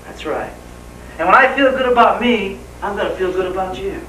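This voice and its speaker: A man's voice: high voice, fairly quick, bright, forceful tone, a little hiss or hum. A man giving a live motivational seminar speech, enthusiastic and firing rhetorical questions at the crowd. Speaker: motivational speaker. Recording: echoey hall, voice from far off.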